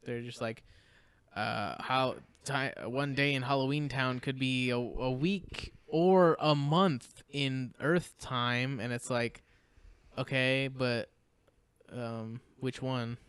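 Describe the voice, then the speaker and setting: A young man co-hosting a podcast, casually recapping a movie with swearing and quick mock voices for the characters. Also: medium pitch, fairly even intonation, a bit bright, smooth, no echo. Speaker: podcast co-host.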